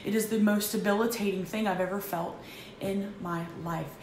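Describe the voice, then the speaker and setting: A woman's voice: mid-range voice, fairly even intonation. Emotional woman confiding in an echoey room. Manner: halting, emotional, frequent restarts. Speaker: vlogger. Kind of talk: candid personal confession. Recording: echoey room with faint background noise.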